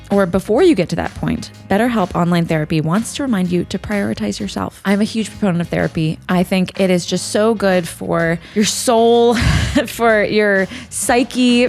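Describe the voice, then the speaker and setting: A young woman co-hosting a casual podcast, chatty and quick to laugh. She also reads sponsor spots in the same easy, conversational tone. Faint music sits under her voice. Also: mid-range voice, darkish tone. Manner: chatty, laughs easily, says "like" often. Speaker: podcast co-host.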